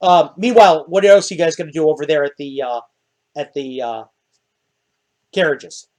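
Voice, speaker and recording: A man narrating as dungeon master of a tabletop game, lively and quick to laugh. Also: a little high.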